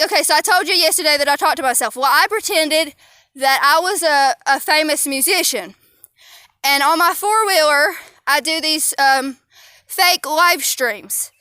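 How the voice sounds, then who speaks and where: A woman's voice: sits high, pushed and bright, dry recording, clean studio sound. A young woman, vlogging in a rambling, chatty way into her phone while walking outdoors with her dog. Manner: rambling, chatty, easily distracted. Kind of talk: casual chat. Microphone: handheld phone.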